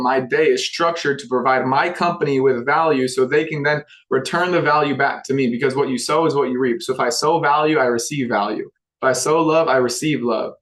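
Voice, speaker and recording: A man's voice: mid-range voice, a bit bright, poor audio. A man who leads an insurance sales team, giving a motivational talk with emphatic repetition and rhetorical questions. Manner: emphatic, repetitive, keeps asking "right?".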